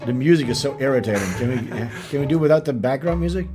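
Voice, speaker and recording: A man's voice: mid-range voice, fast, over music. A young man hosting a casual livestream chat, ranting and mocking with a lot of profanity. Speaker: livestream host.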